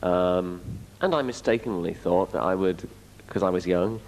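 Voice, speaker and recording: A man's voice: sits low, normal speed, darkish tone, poor audio. A young English man with an English accent, answering fan questions bluntly and candidly on a panel. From England. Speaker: guest actor. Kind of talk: fan convention Q&A.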